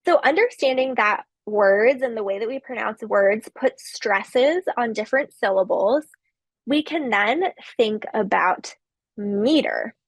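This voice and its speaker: A woman giving a recorded literature lecture, explaining slowly with occasional fillers. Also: fairly high pitch, no room sound.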